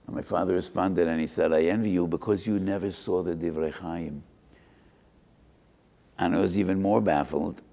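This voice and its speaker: Deep gravelly older rabbi. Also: male voice, steady tone, warm tone. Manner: measured, earnest, mixes Hebrew and Yiddish terms. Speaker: rabbi giving a short Torah talk. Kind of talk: Torah talk.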